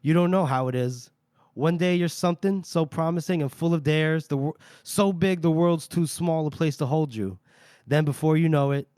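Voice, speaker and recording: A man voicing a weary, regretful aging gunman as he retells a book scene in a low, slow, rueful way. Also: warm tone, clear, resonant tone, dry recording, studio quality, lightly acted.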